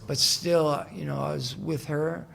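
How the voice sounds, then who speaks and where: A man talking as a guest in a casual interview in a hotel room, telling a long story in a soft-spoken, meandering way with frequent restarts. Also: fairly high pitch, fairly even intonation, unhurried, creaky. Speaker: musician guest.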